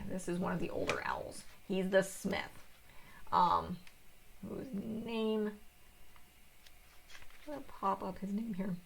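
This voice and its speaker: A young woman reviewing a book in a rambling, casual way, sounding tired and yawning, with a gravelly, husky voice. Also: lowish voice, slight background noise. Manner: rambling, full of fillers and restarts.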